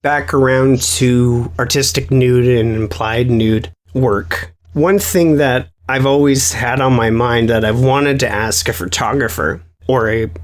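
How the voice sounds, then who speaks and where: Man, from Canada, podcast host, mid-pitched, easygoing, affirming, wordy. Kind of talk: casual podcast interview.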